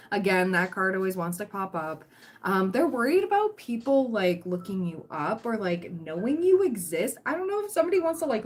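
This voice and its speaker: A woman giving a chatty, reassuring tarot reading on a livestream, full of fillers and restarts, her throat dry and catching. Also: mid-range voice. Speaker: tarot reader.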